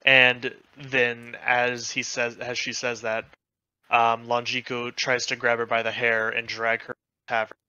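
A man's voice: medium pitch, completely flat delivery, a little slow, bright, forceful tone, clear, resonant tone, dry recording, lo-fi sound. A man running a tabletop game as game master, narrating casually with many fillers.

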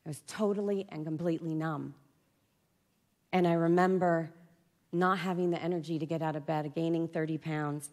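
A woman giving a confessional personal-story talk at a conference, swinging from loud outbursts to hushed near-whispers. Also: low-pitched, fairly even intonation, moderate pace. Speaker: conference speaker. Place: conference stage before an audience.

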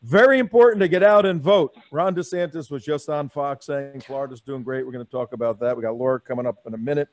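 A middle-aged man hosting a live talk radio show, telling stories in a loud, animated, jokey way. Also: mid-range voice, fast, hardly any pauses, no room sound. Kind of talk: excited live radio chat.

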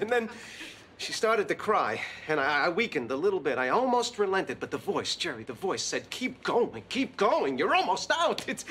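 An actor playing a neurotic, self-pitying man, talking in anxious, whiny, rambling complaints in a sitcom scene. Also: sits high. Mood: exultant. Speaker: sitcom character. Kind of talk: sitcom acting. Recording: studio audience laughter over background noise.

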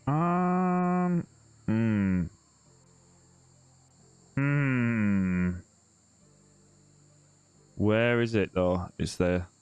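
A man's voice: medium pitch, extremely slow, pauses often, darkish tone, smooth, no room sound, highs cut off, faint music behind. A southern English man hosting a live fishing-game stream, chatting casually with viewers, teasing them and tagging lines with "mate". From southern England. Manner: chatty and teasing, many "mate" and "bro" tags, restarts. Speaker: live-stream gamer host. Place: home room.

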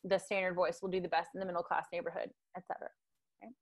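A woman's voice: lowish voice, flat delivery, very fast. A woman giving a guest lecture over a video call, talking conversationally with many tag questions and fillers. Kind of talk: online lecture.

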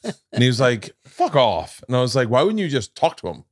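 A man's voice: medium pitch, big pitch swings, fast. A middle-aged man hosting a podcast, telling stories in casual chat and acting out the voices he quotes, with a lot of profanity. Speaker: podcast host.

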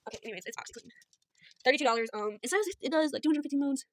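This woman speaks rapid-fire in a high voice as she chats through a shopping haul at home, filmed on her phone. She rambles, jokes at her own expense, and drops a southern "y'all."

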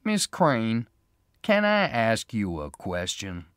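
A hard private detective, as a man plays him who drawls every word slowly and flatly. The voice is unfriendly and firm, raised a little above the reader's own, with a dry sound. This is storybook reading. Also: lowish voice, smooth, no echo, heavily acted. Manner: flat, slow, unfriendly, deliberate.

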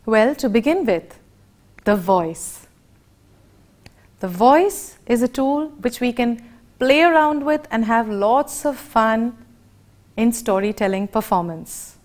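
Slow, high-voiced Indian woman lecturing. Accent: Indian English. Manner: deliberate, expressive teaching delivery. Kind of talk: educational lecture.

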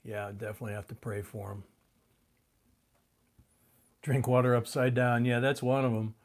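A man's voice: medium pitch, moderate pace. A man hosting a casual live stream, greeting viewers by name, with the hiccups. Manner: relaxed, greets viewers by name, chews while talking.

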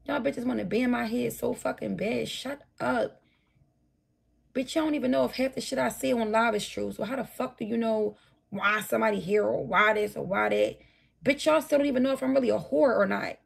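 Late at night on her livestream, a worn-out, burnt-out woman rants at her viewers, swearing and picking fights as she talks straight at her chat. Her voice sits a little high, moves at normal speed, and is creaky with a breathy edge.

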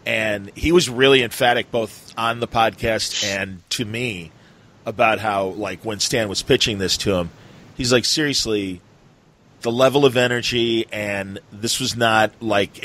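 Heard through a low-quality recording, the man's voice sits fairly low with a fairly bright tone. He hosts a podcast, chatting casually and enthusiastically in a rambling way full of fillers.

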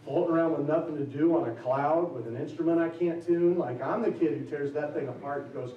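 A man giving a chapel sermon, swinging from loose, joking asides to slow, emphatic build-ups. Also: a little high, highs cut off. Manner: conversational preaching with emphatic rising build-ups; loose and self-deprecating, with fillers and restarts. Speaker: chapel speaker. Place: college chapel. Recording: echoey chapel, mic at a distance.

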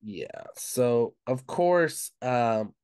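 A man's voice: medium pitch, lively intonation, drawn-out words, a little mellow, clean tone, no room sound, studio quality. A man co-hosting a book club podcast, casually recapping the plot, leaning on "um" and "of course" as he goes. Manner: retells plot with frequent "um" and "of course".

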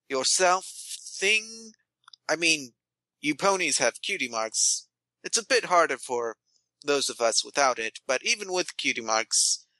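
A man's voice: mid-range voice, sharp tone, no echo. Rambling, hesitant man player. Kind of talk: playing a tabletop game.

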